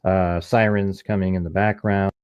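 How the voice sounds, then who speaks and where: A man's voice: deep voice, little pitch movement, normal speed, darkish tone, smooth, no room sound. A man giving a casual, step-by-step breakdown of a recording and pointing out its details. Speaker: true crime commentator. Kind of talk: casual analysis, walking through a recording.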